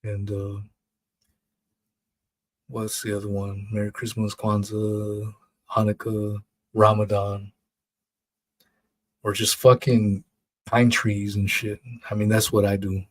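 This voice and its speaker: A man's voice: lowish voice, completely flat delivery, slow pace, long pauses. A man hosting his own podcast, talking alone in a blunt, profane, rambling way. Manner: blunt, profane, rambling, mocks others in put-on voices. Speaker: podcast host. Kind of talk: casual solo monologue.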